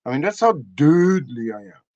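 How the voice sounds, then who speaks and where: A man hosting a crude comedic monologue, animated and loud, often breaking into shouts. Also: fairly high pitch, normal speed, no room sound, highs cut off. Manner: animated, crude, bursts into shouts and silly voices. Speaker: comedy host.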